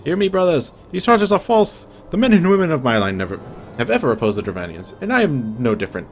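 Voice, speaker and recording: A man acts out a defiant nobleman on trial in a fantasy game, his voice lifted and impassioned. He declaims each line with a lively, rising pitch. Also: fast talker, a little hiss or hum. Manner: impassioned, pleading speech. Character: defiant accused male nobleman.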